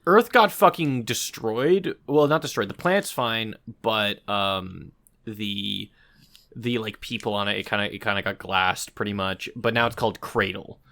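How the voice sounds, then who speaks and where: A podcast co-host bantering in an animated, jokey way and swearing freely. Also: mid-range voice, measured pace. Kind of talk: casual banter.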